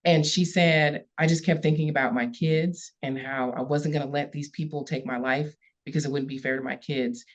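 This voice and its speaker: Her voice sits low and steady, at a moderate pace with hardly any pauses. A woman police chief recounts a story on a podcast, earnestly repeating key words for emphasis and becoming emotional, and the recording sounds slightly dull and lo-fi.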